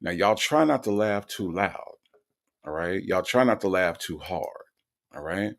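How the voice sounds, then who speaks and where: Creaky, lively-voiced male stream host. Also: low-pitched, a little slow. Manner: drawling, repeats himself, teasing. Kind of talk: livestream commentary reading chat.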